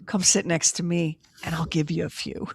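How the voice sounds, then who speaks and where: A woman's voice: sits low, flat delivery, normal speed, slightly rough. A woman hosting a podcast, chatting casually in a wry, drawling way. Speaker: podcast host. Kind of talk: casual chat.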